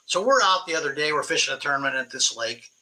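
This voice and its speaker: On a rough recording, this podcast guest talks fast in a fairly high voice. He's a veteran angler in his 60s, animatedly and emphatically telling stories during a relaxed interview.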